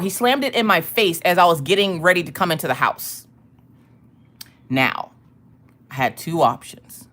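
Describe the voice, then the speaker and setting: A woman host telling a family story in casual chat, profane and animated, often laughing. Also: on the low side, normal speed, pauses often. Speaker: streamer and craft channel host.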